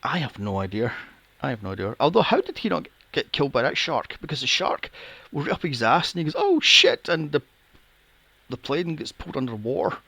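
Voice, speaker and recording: A man's voice: medium pitch, animated, fairly quick, fairly bright tone, slightly rough, no room sound. A man hosting a casual film review podcast, sarcastic and swearing freely. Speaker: podcast host.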